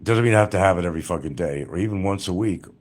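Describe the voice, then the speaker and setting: A man's voice: sits low, very fast, slight background noise. A middle-aged man livestreaming, telling rambling, crude and profane stories about his past.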